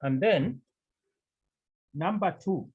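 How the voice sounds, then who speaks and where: A man's voice: high-pitched, lively intonation, takes it slowly, darkish tone, husky, dull audio. A man teaching a Greek grammar lesson to a class, repeating key phrases and asking the students questions.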